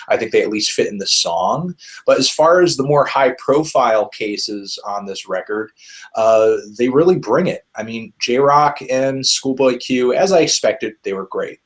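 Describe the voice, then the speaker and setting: A man's voice: mid-range voice, lively intonation, a little slow. A man hosting a casual album review discussion, thinking aloud with frequent fillers and restarts. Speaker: music reviewer, host.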